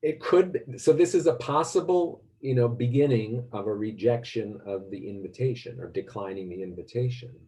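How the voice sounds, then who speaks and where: A man's voice: mid-range voice, normal speed, hardly any pauses, dark tone. A man lecturing a class, thinking aloud and often restarting his sentences.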